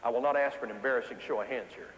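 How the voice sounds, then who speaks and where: A man from the Ozarks, giving an animated, folksy keynote speech to an audience in a large hall. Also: mid-range voice, rapid-fire, slight background noise. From Ozarks, USA. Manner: folksy, animated storytelling with repetition for emphasis. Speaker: motivational speaker. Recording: echoey hall with long reverb.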